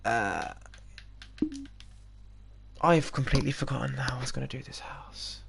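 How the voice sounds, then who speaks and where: A young man with a slightly posh English accent rambles through casual gameplay commentary, laughing at himself as he goes. His voice has a gravelly edge, and the recording is noisy with mouse clicks behind. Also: medium pitch, unhurried. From United Kingdom. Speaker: gaming YouTuber.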